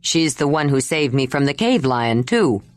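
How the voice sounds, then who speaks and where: A woman narrator voicing a steady young male hunter who speaks tersely and plainly. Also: very deep voice, moderate pace, no room sound, studio quality, pitched below the performer's own voice.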